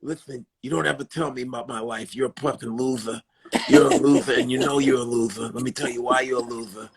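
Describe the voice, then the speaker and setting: A man playing a menacing heavyweight boxer who rants, insults and threatens in a comic impression on a live stream, his pitch dropped below his usual voice. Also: fairly even intonation, fast, a loud crowd, lightly acted. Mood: menacing ranting. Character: menacing ranting heavyweight boxer, volatile and profane.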